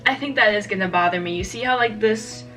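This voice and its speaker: A woman's voice: mid-range voice, quick pace, bright, forceful tone, recorded from a distance, faint music behind. A young woman with a stuffy cold, chatting casually and rambling as she vlogs her crochet project. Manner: chatty, rambling, self-deprecating. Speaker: crochet vlogger. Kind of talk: casual vlog narration.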